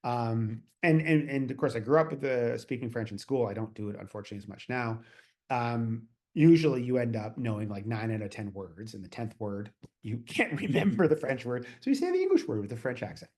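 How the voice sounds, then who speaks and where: Quick, animated man hosting a webinar. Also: medium pitch. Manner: casual and chatty, with many fillers and asides. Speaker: webinar host and consultant. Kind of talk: presenting a slide webinar.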